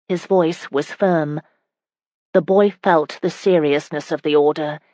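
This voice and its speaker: An audiobook narrator reading a historical romance in steady, even scripted narration. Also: mid-range voice, unhurried, dry recording.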